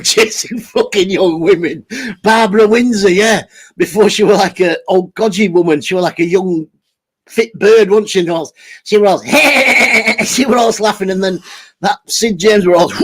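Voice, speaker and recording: A middle-aged man, rambling and swearing as he chats with his live stream viewers. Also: sits high. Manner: sweary, laughs often, talks to chat by name.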